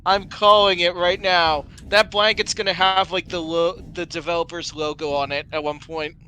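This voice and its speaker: High-voiced casual man over background noise. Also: flat delivery, moderate pace, pushed and bright. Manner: casual, speculating, filler-heavy. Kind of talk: casual chat.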